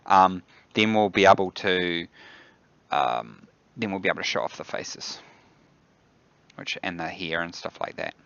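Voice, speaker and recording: Gravelly, slow-talking New Zealand man. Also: deep voice, a bit bright, no echo, highs cut off. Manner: mutters to himself, thinks aloud while building. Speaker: game developer hosting a dev stream. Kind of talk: casual livestream commentary while demoing a game. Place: office.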